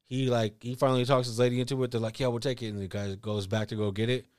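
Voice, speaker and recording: A man's voice: medium pitch, little pitch movement, fast talker, a little mellow, clean tone, no room sound, clean studio sound. A man telling rambling, profane stories in casual podcast chat. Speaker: podcast co-host.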